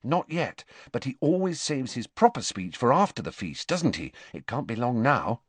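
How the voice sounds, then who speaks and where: A man's voice: mid-range voice, sing-song, moderate pace, slightly rough, no room sound. A man putting on the voice of an anxious, clever teenage girl, speaking in a raised, earnest, fussing tone.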